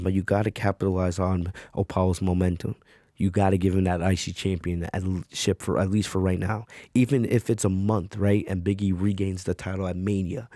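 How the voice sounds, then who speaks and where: A man's voice: sits low, warm tone, dry recording, clean studio sound. A man hosting a wrestling review podcast, talking casually with lots of fillers and "right?" tags.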